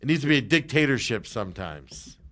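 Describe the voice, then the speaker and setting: Fired-up sports radio guy ranting, voice swings all over the place, mid pitch. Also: expressive, fairly quick, a bit bright, slight background noise. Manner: heated, exasperated, voice jumps up when angry. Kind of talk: sports talk radio rant.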